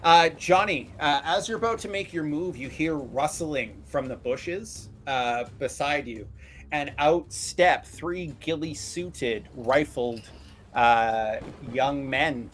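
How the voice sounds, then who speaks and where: A man's voice: fairly high pitch, slow, a bit bright, a little hiss or hum. Man narrating as game master. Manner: casual, filler-heavy narration.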